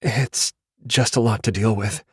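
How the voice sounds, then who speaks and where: A woman's voice: rumbling low, fairly even intonation, a little slow, a little mellow, slightly rough, no echo, studio quality, heavily acted. A man reading an audiobook, voicing a frightened pregnant young woman who pleads anxiously. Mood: shaken. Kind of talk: audiobook dialogue.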